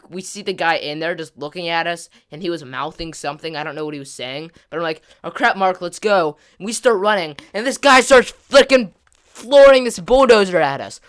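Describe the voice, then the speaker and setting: Rambling young-sounding gaming host, smooth voice. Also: male voice, high-pitched. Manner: rambling, peppered with filler words and mild slang; grows louder and more excited as the story climaxes. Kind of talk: casual storytime over gameplay.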